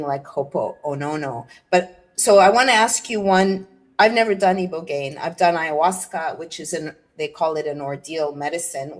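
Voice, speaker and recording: A woman with a notably low voice talks casually, working her way through a question with small pauses and rephrasings. She sounds curious and engaged in the exchange. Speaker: guest asking questions. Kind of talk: casual conversation.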